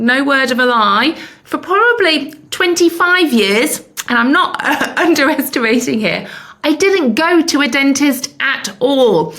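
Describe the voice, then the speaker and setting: A woman in her fifties hosts a podcast and tells a personal story with candid, self-mocking humor. Her voice sits a little high, with a gravelly edge. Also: expressive, a little slow, pushed and bright. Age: 50s. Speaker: podcast host.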